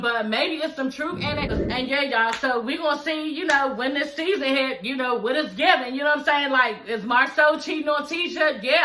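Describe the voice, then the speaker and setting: Woman, high bright voice, sassy, blunt, profane, echoey room. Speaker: reality TV recap vlogger. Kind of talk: casual recap commentary.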